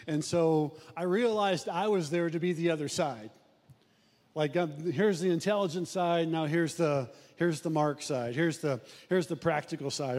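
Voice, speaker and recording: A man's voice: a little high, a little mellow. A man preaching a folksy, storytelling sermon as a pastor, with frequent restarts. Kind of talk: conversational sermon. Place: church sanctuary. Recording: long hall reverb in a church.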